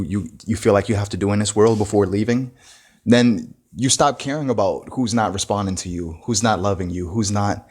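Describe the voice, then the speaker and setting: A man giving a casual, reflective monologue, full of "you know" and "bro" and frequent restarts. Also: fairly low pitch. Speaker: motivational talker.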